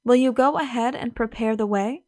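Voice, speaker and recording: Audiobook figure: brisk, sardonic young gentleman sleuth, read by a woman. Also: fairly high pitch, no room sound, clean studio sound, natural voice. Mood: urgent.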